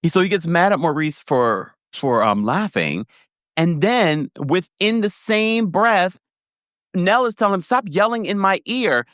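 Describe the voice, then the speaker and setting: A man giving a casual, animated recap of a reality show, laughing often and acting out quotes in a higher voice. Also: measured pace, dry recording, studio quality. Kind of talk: casual commentary.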